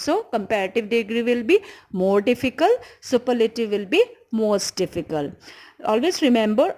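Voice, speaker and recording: With an Indian English accent, a woman teaches an English grammar lesson, explaining patiently and slowly repeating key words. Her voice sits a little high with a darkish tone, and the audio quality is poor.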